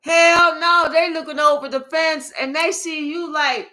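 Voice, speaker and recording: A woman doing a casual spiritual reading, her voice bright and sharp and fairly high. She talks in a playful, profane and animated way. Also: a little slow. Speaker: spiritual tarot reader.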